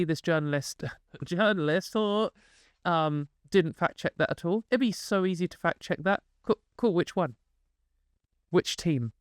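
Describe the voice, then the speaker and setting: A woman's voice: fairly low pitch, clean tone, no room sound, clean studio sound. A woman hosting a casual commentary video, sarcastic and exasperated, swearing now and then. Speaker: commentary host.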